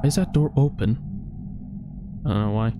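A man's voice: mid-range voice, normal speed. A man giving casual commentary while playing a horror game, jumpy and swearing constantly. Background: game music.

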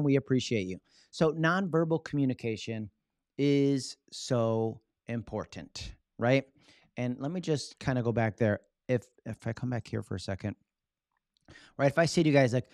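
A man giving a casual live-streamed talk on public speaking, lively and acting out his examples. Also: mid-range voice, moderate pace, no echo, studio quality. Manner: animated, acts out examples with his body; casual, loose phrasing with "right?" tags.

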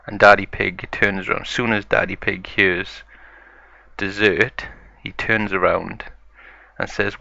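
A man narrating a story acted out with toys, in a slow, gravelly way. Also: lowish voice, level tone, sharp tone, no room sound. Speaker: toy video narrator. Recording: dull lo-fi sound.

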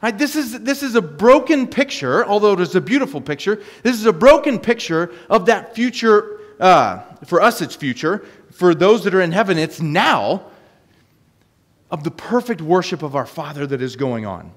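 A man's voice: high-pitched, sing-song, normal speed. A man preaching a sermon, earnestly reading scripture aloud between his own remarks. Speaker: pastor. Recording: long hall reverb.

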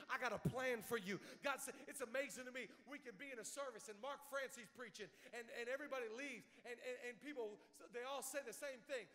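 Young male preacher, very high bright voice, humorous storyteller, shouting peaks, long hall reverb. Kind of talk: energetic sermon. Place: large hall.

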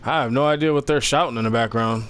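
A young man giving casual, slangy, excitable commentary over a basketball video game, trash-talking the players. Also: medium pitch, fast talker, slight background noise. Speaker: gaming commentator.

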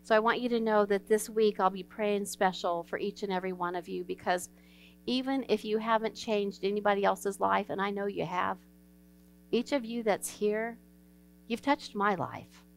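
A woman pastor delivers an evening sermon in a church, her voice smooth and clear, at an ordinary middle pitch. She tells stories in an earnest, folksy way and acts out the voices of the people in them. A faint electrical hum sits under the recording. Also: moderate pace. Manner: earnest, folksy storytelling, acts out quoted dialogue. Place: church sanctuary.

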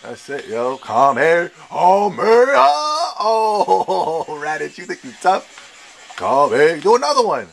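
A young man giving live gameplay commentary, trash-talking his opponents with slang and an excitable manner. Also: high voice, slow pace, creaky. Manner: excitable trash talk with slang, shouts and laughs. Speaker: gamer playing online.

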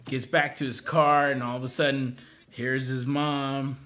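A man's voice: medium pitch, little pitch movement, a little slow, bright, forceful tone. A man doing a crude, rambling, profane comic retelling of a film. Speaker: comedian.

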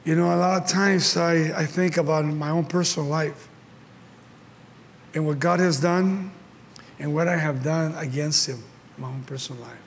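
A man's voice: on the high side, fairly even intonation, normal speed, slight background noise. An older man from Mexico with a Mexican Spanish accent preaching a sermon at a conference, telling stories with passion and acting out the voices he quotes. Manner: impassioned storytelling, acts out quotes. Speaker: pastor. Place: large conference hall. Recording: long hall reverb, faint ambience.

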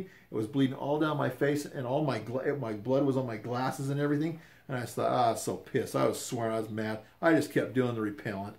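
An older man casually telling a rambling, animated story with repeated words and restarts. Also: medium pitch, a little fast, gravelly.

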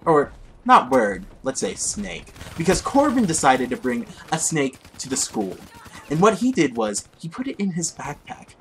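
A man's voice: a little high, sing-song, normal speed, fairly bright tone, a little hiss or hum. A young man casually telling a rambling, profane story while commenting on his gameplay. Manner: rambling, profane, easily distracted by the game.

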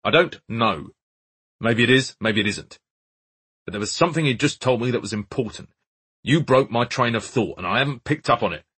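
A man voicing a blunt, sharp-tongued male detective in an audiobook. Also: mid-range voice, expressive, normal speed, husky, voice pushed up. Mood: irritated.

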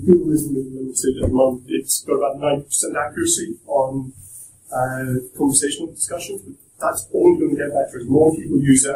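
A man's voice: mid-range voice, mellow. A young man giving a casual, joking talk to students, chatty and full of restarts. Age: young adult. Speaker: guest speaker at a university talk. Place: lecture room. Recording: echoey room from far off.

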